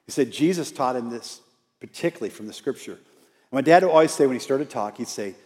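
A man's voice: mid-range voice, expressive, quick pace, darkish tone. Man preaching a storytelling sermon. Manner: storytelling, coaxes the congregation to repeat lines. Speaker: outreach minister. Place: church sanctuary. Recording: church hall with long reverb.

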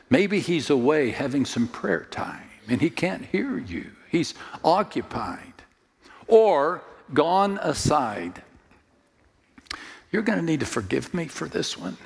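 A man's voice: on the high side, big pitch swings, slow, vocal fry, slightly rough, long reverb tail. A man preaching a sermon, telling the story dramatically, with jokes and direct appeals to his listeners. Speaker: pastor.

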